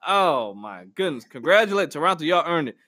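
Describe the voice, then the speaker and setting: A man's voice: a little high, a little fast, no echo, clean studio sound. A man hosting a podcast with a casual comedic monologue, full of slang, and acted-out quotes. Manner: animated, slangy, acts out quotes with laughter. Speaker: podcast host.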